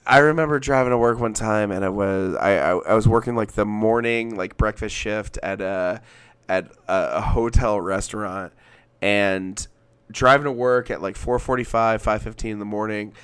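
A man's voice: on the low side, fairly even intonation, moderate pace, fairly bright tone, clean tone. A young man from Alabama, a podcast co-host in casual music chat, who rambles, reads passages aloud and restarts his sentences often.

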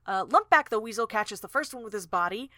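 A woman's voice: on the high side, expressive, a little fast, bright, forceful tone, no echo, studio quality. A woman co-hosting a podcast, casually retelling and discussing book scenes. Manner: chatty, retelling scenes with many fillers. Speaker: podcast co-host.

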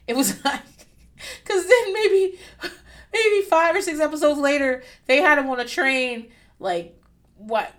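A woman giving casual reaction commentary on a TV show, candid and profane, with lively asides. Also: sits high, measured pace, pauses often. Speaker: vlogger.

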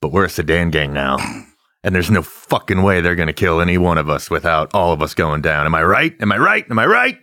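A man playing a brash male murderer convict who talks in a loud, swaggering, cursing way. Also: sits low, big pitch swings, brisk, dry recording, pitched below the performer's own voice, full character voice. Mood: bossy.

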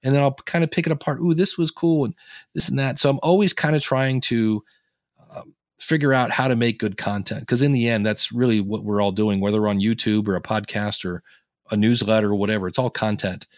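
A man's voice: fairly low pitch, brisk, no echo, clean studio sound. A man from Ohio, a podcast guest chatting casually and acting out the reactions he quotes. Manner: animated storyteller, acts out quoted reactions. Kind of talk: casual interview chat.

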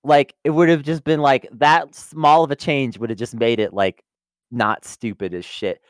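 A man's voice: medium pitch, steady tone, moderate pace, dry recording, studio quality. A man co-hosting a casual review podcast, exasperated and laughing often, swearing as he rants. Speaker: podcast co-host.

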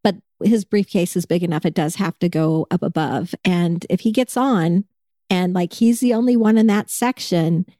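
A woman's voice: fairly low pitch, moderate pace, dry recording. A woman chatting casually as a co-host, telling stories animatedly and acting out the people in them. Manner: animated storyteller, acts out quoted people. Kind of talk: casual chat.

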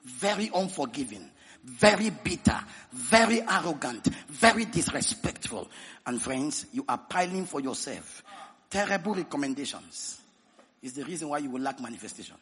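A man with a Nigerian accent preaching a sermon as pastor, who tells stories and leads the church in shouted prayer. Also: fairly high pitch, big pitch swings, moderate pace. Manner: storytelling sermon building into shouted prayer and tongues.

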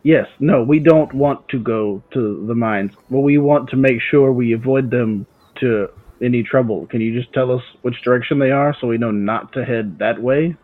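A man's voice: mid-range voice, moderate pace, few pauses. Hesitant male player heard over a tinny call line. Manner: hesitant, stumbling.

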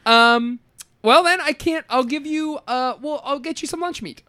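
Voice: high voice, normal speed, sharp tone. A podcast co-host in casual, playful chat who laughs often and swears casually.

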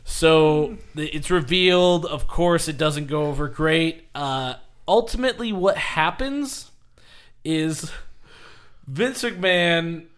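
A man co-hosting a podcast, telling a story in casual chat with lively laughs and acted-out quotes. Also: on the high side, takes it slowly, clear, resonant tone. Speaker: podcast co-host.

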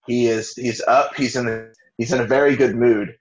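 Man, podcast host, casual recap, profane, relaxed, dull lo-fi audio. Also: medium pitch, normal speed. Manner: relaxed, profane, acts out quotes in bursts. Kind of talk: casual chat recapping a TV show.

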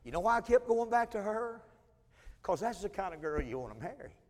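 Folksy high-voiced preacher. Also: male voice, big pitch swings, brisk. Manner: folksy testimony with dramatic swings in volume. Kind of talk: sermon storytelling. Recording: long hall reverb.

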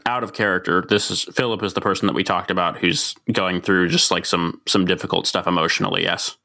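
Bright-voiced man, rambling player. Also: low voice, steady tone, brisk, vocal fry. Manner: rambling, self-correcting. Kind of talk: casual tabletop game play.

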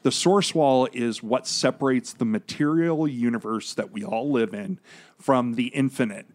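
A man with a medium-pitched voice speaks at a moderate pace. He co-hosts a podcast and explains comic book plots at length, casual and joking, drifting into long, rambling recaps.

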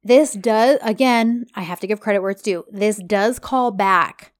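A woman talks through a TV episode in a loose, conversational way, jumping in to quote the characters with feeling. Her voice sits at an ordinary middle pitch. The sound is dry and close, with no room around it. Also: a little slow, no room sound. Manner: animated, retells scenes quoting the characters. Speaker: podcast co-host. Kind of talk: casual recap chat about a TV series.

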